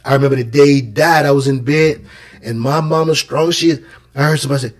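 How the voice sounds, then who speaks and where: He speaks fast in a middle-pitched voice, rambling through stories in a relaxed, chatty manner. He keeps circling back and starting over as he goes.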